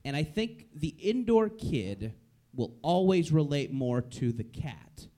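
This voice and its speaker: Lively, higher-voiced joking man. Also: slow pace. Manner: dry, joking. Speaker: panelist. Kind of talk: casual chat.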